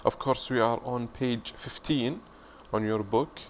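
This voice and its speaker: A man teaching an English reading lesson, explaining slowly and repeating himself step by step. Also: mid-range voice. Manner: slow, repetitive, explaining step by step. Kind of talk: classroom video lesson. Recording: dull lo-fi audio with faint hiss.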